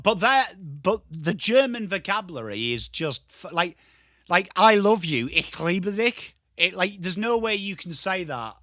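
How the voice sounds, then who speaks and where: An English man hosting a live football watchalong, chatting with his viewers and swearing casually while he calls the play and shouts at big moments. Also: high voice, no room sound, clean studio sound. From England. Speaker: livestream host.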